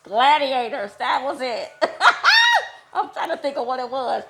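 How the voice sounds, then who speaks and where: A woman telling a casual personal story, chatty and quick to laugh, her voice jumping high when she gets excited. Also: gravelly, over music. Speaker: vlogger. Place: homeless shelter.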